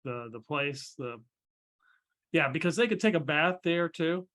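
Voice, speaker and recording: A man's voice: a little high, expressive, a little slow, fairly bright tone. A man running a tabletop role-playing game as game master, narrating and voicing characters with frequent hesitations and restarts.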